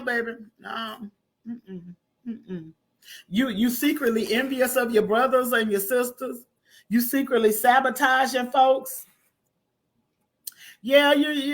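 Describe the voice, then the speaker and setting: A woman preaching a conversational sermon, calling listeners honey and baby and breaking into loud emphatic bursts. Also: fairly high pitch. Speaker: prophetess preaching online.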